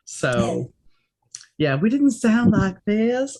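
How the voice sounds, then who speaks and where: A middle-aged American woman with a faint New Orleans lilt hosts a podcast conversation. She is chatty and animated, jumping from one story to the next with lots of asides. Her voice sits at an ordinary middle pitch. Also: slow pace. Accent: mixed American, faint New Orleans. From New Orleans, United States. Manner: chatty, animated, jumps between stories. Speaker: podcast host. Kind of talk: casual interview chat.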